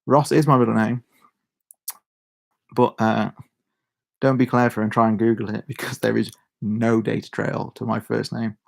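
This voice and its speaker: Talking to camera for his channel, this young YouTuber from Shropshire, England rambles, interrupts himself and laughs often. He has a lowish, fairly flat voice with vocal fry, moving at a normal speed with long pauses.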